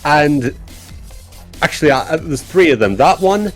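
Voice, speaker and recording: Animated man chatting on a stream. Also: mid-range voice, normal speed, faint music behind. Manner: animated, self-deprecating, laughs often. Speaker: game developer streaming. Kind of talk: casual stream chat.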